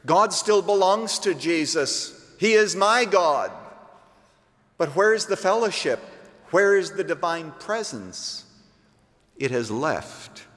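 A man preaches a sermon at an unhurried, deliberate pace, his voice trailing off into long reverb. He moves from hushed, low lines to emphatic ones, and he sounds like a pastor in a church sanctuary.

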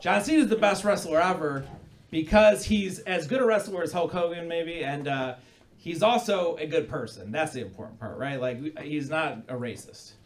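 A man doing a live stand-up set, deadpan with sudden loud bursts, telling dark jokes. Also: on the high side, normal speed. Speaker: stand-up comedian. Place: small hall before a live audience. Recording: live room with loud crowd laughter. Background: crowd laughter.

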